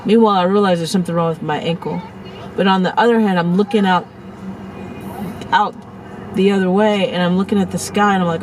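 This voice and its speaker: A woman vlogging in a casual storytelling style outdoors, shaken and in shock, talking fast and cursing as she retells a crash and acts out what people said. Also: lowish voice, a little hiss or hum, rough recording. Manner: profane, animated, rants and acts out quotes. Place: outdoors near a parking lot by the beach.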